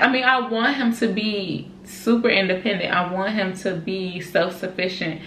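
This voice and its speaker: Chatty young mom vlogger, echoey room. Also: female voice, medium pitch, fairly even intonation, measured pace, hardly any pauses, fairly bright tone. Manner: chatty, emotional, many fillers like "like" and "y'all". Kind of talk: casual chat to camera. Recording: echoey room with faint noise.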